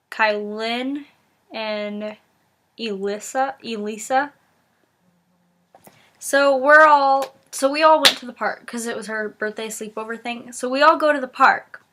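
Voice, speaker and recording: A teenage girl vlogging from her bedroom, telling funny stories in an animated, giggly way with lots of restarts. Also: a little high. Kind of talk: casual storytelling vlog. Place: bedroom with window open.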